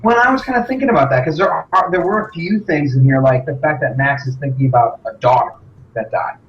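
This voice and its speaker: Man, casual podcast co-host, higher voice, halting, muffled lo-fi audio. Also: a little hiss or hum. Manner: relaxed, hesitant with ums and restarts. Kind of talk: casual chat over drinks.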